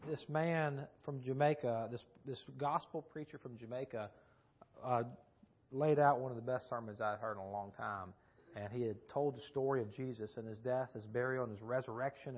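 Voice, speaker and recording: Husky-voiced man preaching conversationally. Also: mid-range voice. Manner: rambling, frequent restarts and repeated words; asks the audience questions. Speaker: preacher teaching a Bible class. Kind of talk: conversational sermon with storytelling. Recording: dull lo-fi recording.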